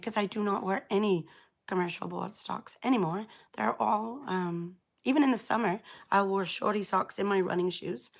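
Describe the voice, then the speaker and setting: A middle-aged woman with a croaky, gravelly, hoarse voice hosts a relaxed live stream. She rambles in a chatty way and greets her viewers by name, at an ordinary pitch. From England. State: hoarse, croaky after illness. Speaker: knitting channel host. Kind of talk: casual live-stream chat.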